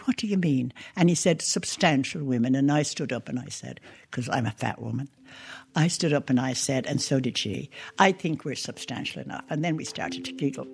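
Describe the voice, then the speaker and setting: An older Irish woman with a lowish voice tells her own stories with plenty of life, slipping into the voices of the people she quotes. Soft music plays faintly behind her. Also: vocal fry. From Ireland. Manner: lively storyteller who acts out quoted dialogue and laughs. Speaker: interviewee. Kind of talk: recounting personal memories.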